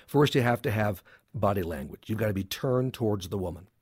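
A man's voice: on the low side, lively intonation, a little fast, a little mellow, husky, no echo, studio quality. A man who is a clinical psychologist, talking as a guest in an interview, making his points in short, emphatic sentences with some humor. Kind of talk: interview conversation.

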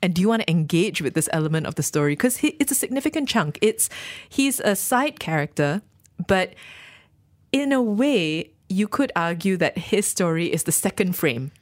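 A woman co-hosting a radio film review show, speaking in a thoughtful, measured way with plenty of ums. Her voice sits a little low. The studio sound is dry and close. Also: expressive, no echo. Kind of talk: casual film review chat.

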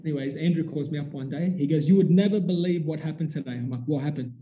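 Animated man, dark voice. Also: on the high side, quick pace, dull audio, a little hiss or hum. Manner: animated, acts out quoted dialogue, swears casually. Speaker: business owner telling a story. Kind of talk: casual storytelling chat.

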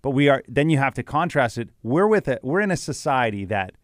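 A man's voice: medium pitch, big pitch swings, fairly quick, no echo, clean studio sound. A man co-hosting a podcast, agreeable and reflective in casual chat. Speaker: podcast co-host.

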